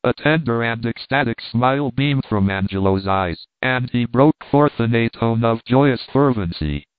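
A man reads a novel aloud at a steady storytelling pace. His voice is mid-pitched, and the audio sounds narrow and tinny, like a phone line, with a dry, close sound. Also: a little slow, clear, resonant tone, no room sound. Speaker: audiobook narrator.

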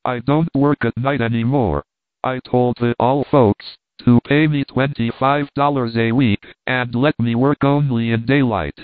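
A man reading old letters and commentary aloud in a steady, measured way. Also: medium pitch, dry recording. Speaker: reader. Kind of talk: scripted narration of old letters. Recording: dry, tinny phone-like sound.

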